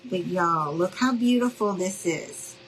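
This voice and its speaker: Female craft-tutorial host, unhurried and chatty, keeps checking in with viewers, faint hum behind. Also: fairly low pitch, low-quality recording. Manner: chatty, addresses viewers as y'all, checks in with okay?. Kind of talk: live crafting demonstration.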